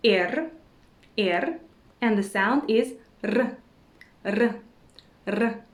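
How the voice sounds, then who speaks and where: A woman teaching a language lesson who says each word slowly and repeats it several times, with short words of encouragement. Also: on the high side, echoey room. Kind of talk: slow repeat-after-me pronunciation lesson.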